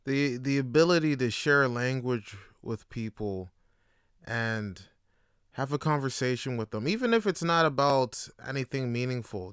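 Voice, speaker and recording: A young man hosting a casual solo podcast, telling slangy, animated stories and laughing often. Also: medium pitch, smooth, no echo, studio quality. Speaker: podcast host.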